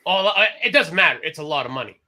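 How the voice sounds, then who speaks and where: A man co-hosts a relaxed talk show with a slightly high voice and a quick pace. His casual chat is animated and rambling, full of self-corrections.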